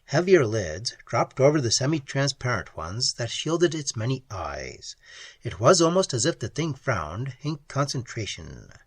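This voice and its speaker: A man narrates a story aloud in an expressive, unhurried way. His voice is husky and swings widely in pitch. The recording is dry and close. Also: no room sound. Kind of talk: audiobook narration.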